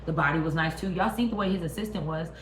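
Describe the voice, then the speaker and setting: A woman gives a loose, animated movie review in a fairly low voice. She swears freely and keeps asking the viewer if they follow, and her voice carries a roomy echo. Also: fast, a little hiss or hum. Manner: animated, profane, talks straight at the viewer. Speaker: vlog host. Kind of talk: casual movie review rant.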